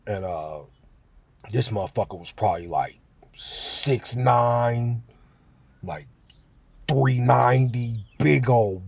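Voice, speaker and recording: A man with a gravelly, husky voice tells a casual story in loose, slangy speech. He keeps dropping in filler phrases and chuckles as he goes. His pitch sits in the middle range. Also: dry recording. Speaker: vlogger.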